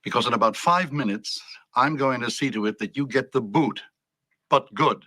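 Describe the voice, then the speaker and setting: A man's voice: medium pitch, moderate pace, bright, forceful tone. An actor playing a stern male company boss who is confronting a liar in firm, cutting film dialogue.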